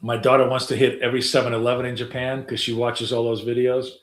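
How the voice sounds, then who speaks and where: This middle-aged man streams himself day trading live, speaking quickly in a mid-range voice that barely moves in pitch. His chat is loose and rambling, sprinkled with casual swears and fillers, and the room around him sounds roomy and echoey.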